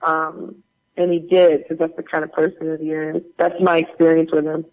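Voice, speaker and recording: A woman guest on an interview show, telling animated stories in a casual way with lots of fillers. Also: deep voice, moderate pace, phone-quality sound. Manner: animated, chatty anecdote-telling with many fillers. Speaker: guest actor.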